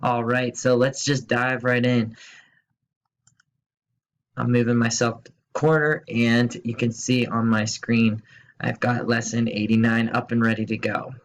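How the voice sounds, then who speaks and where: Male teacher recording a home-school grammar lesson, mid-pitched, easygoing and jokey, spells things out slowly. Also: flat delivery, rough recording. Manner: playful, asks quiz questions and jokes; slow, spelled-out explanations.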